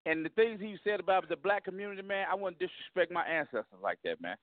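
A man's voice: high voice, lively intonation, fast, dry recording, phone-quality sound. A man, a comedian calling into a radio show, speaking emphatically and repeating himself as he makes his points in street slang. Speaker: comedian guest. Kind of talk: phone interview.

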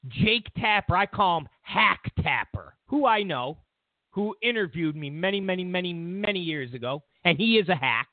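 Here a show host mocks the news in a casual, sarcastic political rant. His voice is high, with no echo, over a dry recording that sounds thin like a phone.

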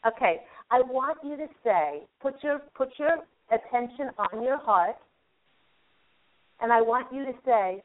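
A woman radio host giving a call-in angel card reading, gently guiding the caller through a visualization. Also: fairly high pitch, expressive, measured pace. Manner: soothing, guiding, talks listener through a visualization. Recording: narrow phone-line sound.

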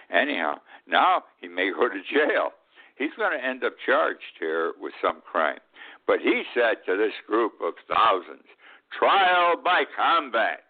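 A man's voice: low-pitched, gravelly. A man in his eighties hosting a political commentary show, blunt and indignant, often repeating himself. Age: 80s. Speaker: host. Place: Key West. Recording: tinny phone-like line.

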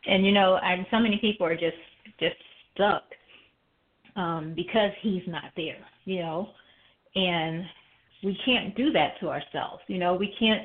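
A woman's voice: on the low side, measured pace. Woman, casual talk-show co-host, reflective and chatty, heard over a thin phone line. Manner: reflective, frequent "you know" fillers. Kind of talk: casual chat.

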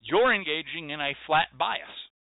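A man's voice: a little high, animated, unhurried, creaky, dry recording. A man hosting a show, lecturing in an emphatic, repetitive monologue. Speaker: host. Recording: tinny phone-like sound, dry.

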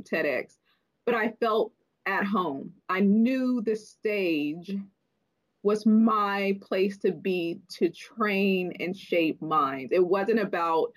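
A middle-aged woman, a neuroscientist guest in an interview, speaking thoughtfully with fillers and slowing down to stress key points. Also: lowish voice, rough recording. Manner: thoughtful, frequent fillers, slows for emphasis. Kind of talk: interview conversation.

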